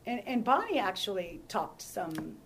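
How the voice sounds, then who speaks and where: A woman pastor leading a Bible study, telling stories and acting out dialogue with lively shifts in voice. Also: medium pitch, a little slow, a little hiss or hum. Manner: animated storyteller, acts out dialogue.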